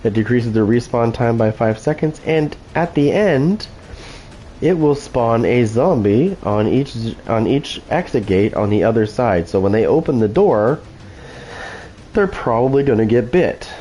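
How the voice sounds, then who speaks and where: Foul-mouthed gamer guy trash talking, mellow dark voice, bit of hiss. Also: medium pitch, expressive, measured pace, low-quality recording. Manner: profane trash talk, taunting. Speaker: gaming channel host. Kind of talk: gameplay commentary.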